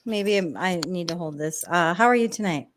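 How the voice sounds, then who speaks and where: A woman's voice: fairly low pitch, lively intonation, normal speed, a little hiss or hum. A woman hosting a livestream in a chatty, scattered way, laughing and greeting her viewers. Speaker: host. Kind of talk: casual livestream chat.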